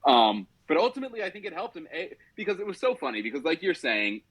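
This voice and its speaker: A man's voice: a little high, big pitch swings, fast talker, fairly bright tone, husky. A man co-hosting a podcast in rambling, profane casual chat. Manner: rambling, restarts, swears. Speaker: podcast co-host.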